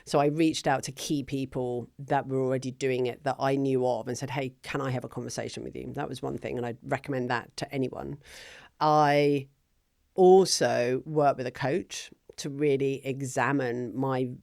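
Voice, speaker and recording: A middle-aged woman, telling her story as a guest in a casual interview in an animated, chatty way. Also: a bass voice, a little slow, no echo, clean studio sound. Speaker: guest, business founder.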